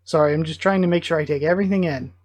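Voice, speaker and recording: A fairly high-voiced man hosting a live reaction, talking his thoughts out as they come. He sounds excitable and musing, often stopping to correct himself. The sound is close and dry, with no room around it. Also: very fast, no echo. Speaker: reaction video host. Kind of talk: live reaction commentary, thinking aloud.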